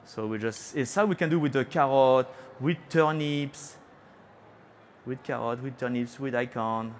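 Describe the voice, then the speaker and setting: Speaking at a measured pace in a medium-pitched voice, a middle-aged man from France with a French accent runs a live cooking demo at a trade show. He's a chatty, playful chef who teases his audience and mixes French words into what he says, with slight background noise behind him.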